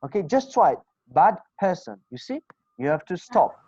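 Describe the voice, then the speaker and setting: A man's voice: high-pitched, sing-song, fairly quick, mellow, husky, no room sound. A man with a Kurdish accent teaching English pronunciation in an online class, patiently repeating example phrases. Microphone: video call. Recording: dull, dry video call audio.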